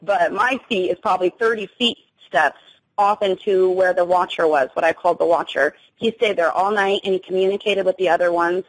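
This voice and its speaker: In a rough recording, a young adult woman with a lowish voice speaks fairly quickly as an interview guest. She tells of an encounter in an emotional first-person account, often stopping to begin sentences again and using lots of fillers.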